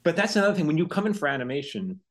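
A man's voice: on the high side, very animated, racing. A man hosting a podcast interview, asking rambling questions that often restart midway. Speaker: podcast host. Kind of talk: casual interview chat.

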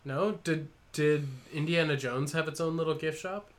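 A man's voice: on the high side, moderate pace. A man co-hosting a podcast in casual chat, joking around and asking his co-host questions. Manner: jokey, laughs easily, asks questions.

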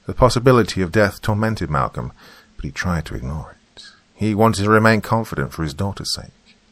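A man's voice: low-pitched, animated, brisk, no room sound. A man narrating a scripted horror story with dramatic delivery, dropping to a whisper for tense moments.

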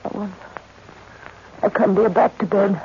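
An actress playing a nervous, tender young governess in a 1940s radio drama, talking in a breathy, anxious way. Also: female voice, mid-range voice, fairly even intonation, measured pace, natural voice. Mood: soothing. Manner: breathy, anxious inner monologue. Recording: noisy, muffled 1940s radio recording.

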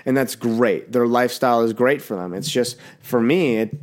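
A young man hosts a casual solo podcast, rambling bluntly and swearing while sounding a little sick. He speaks at a moderate pace with a medium-pitched, darkish voice.

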